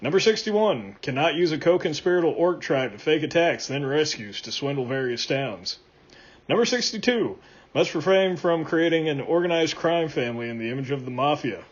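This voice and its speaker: A higher-pitched man reads a comic list in a deadpan way, lifting his voice on each number and sinking it at every punchline. The recording is muffled and lo-fi. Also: normal speed. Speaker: list reader. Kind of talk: comedic list reading.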